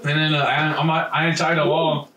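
A man in casual chat with friends, telling an animated, swear-filled story and acting out what people said. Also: on the high side, moderate pace. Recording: echoey room, far from mic.

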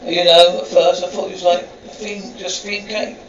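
A man recounts events as a reality game show contestant, in an excitable, rambling confessional. His voice sits fairly high and comes from some distance off the mic. The sound is roomy and dull, with a faint hiss underneath. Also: moderate pace.

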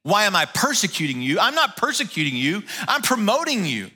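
A preacher acting out a zealous young man, stung and protesting, who insists he has been doing the right thing. The voice sits high and swings widely as he argues his case. It comes across like a storybook retelling, spoken aloud from the pulpit. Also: very animated, brisk, pushed and bright, husky, heavily acted. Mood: indignant. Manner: protesting, self-justifying. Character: indignant zealous young male persecutor.

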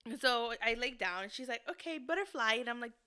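A woman's voice: fairly high pitch, fairly even intonation, fast, pushed and bright, clear, resonant tone. A young adult woman co-hosting a podcast, telling a story in casual chat and acting out what people said, with frequent giggles. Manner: giggly storytelling, acts out quotes. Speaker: podcast co-host.

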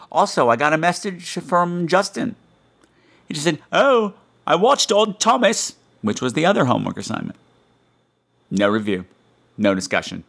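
A male podcast host talks in a campy, theatrical manner, teasing and mock-scolding his listeners. His voice sits at an ordinary middle pitch for a man. He swings from playful asides to exaggerated sighs of disappointment. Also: fairly bright tone. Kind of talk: casual solo podcast talk.

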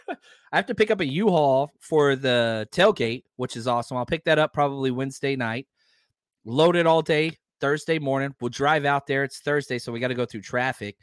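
A man hosting a sports podcast, talking casually and heatedly, swearing and jumping between loud outbursts and low, muttered asides. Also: no echo, studio quality. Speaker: podcast host.

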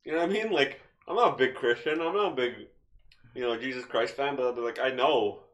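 A man hosting a casual podcast, animated, swearing freely and firing off rhetorical questions. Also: mid-range voice, a little fast, lo-fi sound. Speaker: podcast host.

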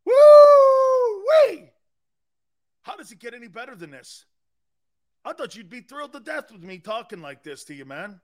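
Bright, lively sarcastic male radio host. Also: high voice, fairly quick. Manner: sarcastic, bombastic, bursts into shouting. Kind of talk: sports talk radio rant.

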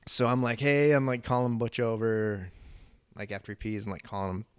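A man's voice: fairly low pitch, steady tone, fairly quick, smooth, no echo, clean studio sound. A man guesting on a podcast, telling a rambling, profane story in casual chat, full of "like" fillers.

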